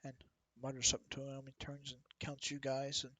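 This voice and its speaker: A man's voice: medium pitch, monotone, a little fast, pushed and bright, dry recording, poor audio. A man narrating casually as the game master of a tabletop game, with frequent fillers. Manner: casual, laid-back, with fillers.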